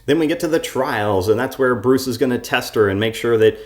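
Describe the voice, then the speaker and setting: A man's voice: medium pitch, a little fast. A man reviewing a show in a critical commentary vlog, ranting in a sarcastic way.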